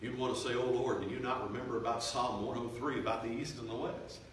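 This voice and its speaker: A man preaching a revival sermon, swelling loud and slow for emphasis, then dropping to quiet, confiding tones. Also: medium pitch, fairly even intonation, slight background noise. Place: church sanctuary. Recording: echoey church from far off.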